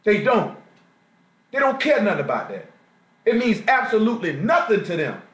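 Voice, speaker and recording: A man preaching a slangy street-talk sermon in a Southern US accent, often asking the congregation questions. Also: high-pitched. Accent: Southern US, Jacksonville Florida. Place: church assembly room. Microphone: live stream recording. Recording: echoey room, live stream.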